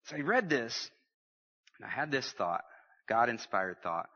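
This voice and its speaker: Male pastor, animated and joking with the congregation, dull lo-fi audio. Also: medium pitch, a little slow, husky, in a large hall. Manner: lively preaching with humor and audience call-outs. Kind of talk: sermon.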